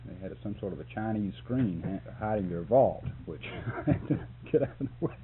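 A man with a lowish voice speaks briskly, recounting a photography job during a recorded interview. Laughter keeps breaking into his telling, and he livens up when the punchline arrives. A hum runs under the tinny lo-fi tape.

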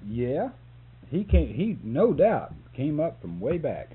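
A man's voice: a little high, slow, husky. Guy spinning a yarn with lots of laughs, sounds like an old phone-thin tape. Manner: laughs often, animated when telling the punchline. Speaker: interviewee, photographer. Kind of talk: storytelling in a recorded interview. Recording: tinny lo-fi tape with hum.

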